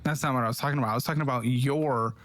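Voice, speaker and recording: A man's voice: medium pitch, fairly even intonation, very fast, a bit bright. A man hosting a finance advice show, confronting guests in a pointed, lecturing way and pressing them with questions. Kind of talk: confrontational interview.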